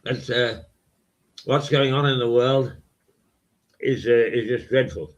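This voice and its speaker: An older man from hosting a local webcast, talking in a slow, rambling, croaky voice full of fillers. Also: mid-range voice. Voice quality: croaky, gravelly voice. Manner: slow, halting, many fillers and repeats. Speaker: local TV host. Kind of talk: rambling casual monologue. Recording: dull lo-fi webcast audio.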